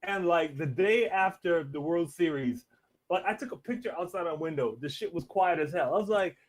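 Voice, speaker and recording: A man hosting a podcast in casual chat, relaxed and laughing often, with stammers and restarts. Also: fairly high pitch, normal speed. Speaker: podcast host. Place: Los Angeles.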